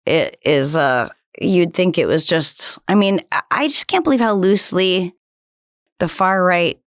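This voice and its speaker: A woman from New Hampshire talks as a guest in a loose interview. Her voice sits a little low but swings a lot in pitch, and her diction is very crisp and precise. The sound is close and dry. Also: measured pace, dry recording. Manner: crisp, overly precise diction, animated and laughing. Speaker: guest comedian. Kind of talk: casual interview chat.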